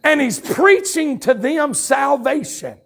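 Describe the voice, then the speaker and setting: A man with a Southern US accent preaching a revival sermon in a church, shouting his lines in a fiery way, with folksy turns of phrase, quick asides and chuckles. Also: extremely high pitch, lively intonation, creaky. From North Carolina, USA. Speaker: pastor. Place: church sanctuary at a campmeeting. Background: congregation calling out responses.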